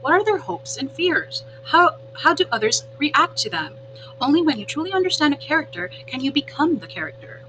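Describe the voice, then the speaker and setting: A woman voicing a dramatic, theatrical female opossum in a storybook read-aloud, with drawn-out, exclaiming emphasis. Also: high-pitched, sing-song, voice pushed up. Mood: enthusiastic. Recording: humming background noise.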